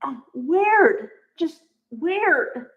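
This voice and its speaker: Woman, high voice, unhurried; casual soap recap, exasperated commentary, dull recording. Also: very animated. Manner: chatty, exasperated, acts out quotes. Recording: dull lo-fi audio.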